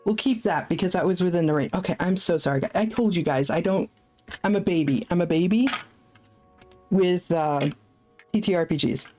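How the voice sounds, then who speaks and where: A woman's voice: fairly low pitch, moderate pace, a little mellow, soft background music. A woman streaming a solo tabletop game, chatting casually and thinking aloud with lots of fillers. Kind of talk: casual live-stream chat.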